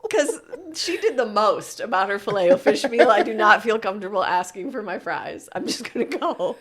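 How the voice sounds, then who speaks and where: A woman's voice: mid-range voice, lively intonation, moderate pace. A woman in her forties, a podcast co-host, telling a story in casual chat and laughing often.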